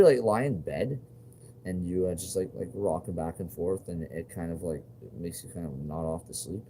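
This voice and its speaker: Low-voiced man ranting, profane. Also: warm tone, slight background noise. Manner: agitated and profane, with many fillers and repeated questions. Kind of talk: rambling monologue to viewers.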